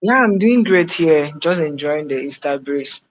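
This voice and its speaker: A man guesting on a podcast interview, answering in a relaxed, easygoing way. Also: a little high, moderate pace, muffled recording. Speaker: guest, email marketer.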